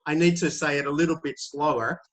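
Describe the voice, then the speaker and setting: Hesitant teacher on a call. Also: male voice, on the high side, steady tone, fairly quick. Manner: hesitant, many fillers and restarts. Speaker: IELTS teacher. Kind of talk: answering questions in a webinar. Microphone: video call.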